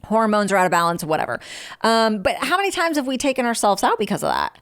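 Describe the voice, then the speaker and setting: A woman's voice: fairly high pitch, huge pitch swings, fast talker, a bit bright, clean tone. A woman hosting a motivational podcast, talking in a direct, frank and informal coaching way. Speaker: podcast host.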